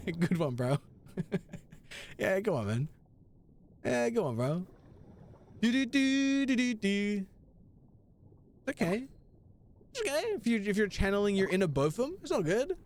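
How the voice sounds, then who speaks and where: A young man chatting with his live-stream audience while he plays, with a fairly high voice that bounces all over the place. He jokes around, teases his chat and falls into playful bits. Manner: playful, swinging between bits and mock pleading.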